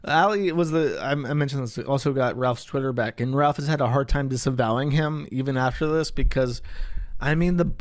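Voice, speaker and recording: A man's voice: medium pitch, fairly quick, no room sound, clean studio sound. A man hosting casual online commentary, irreverent and profane, with slangy asides. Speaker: internet commentary host.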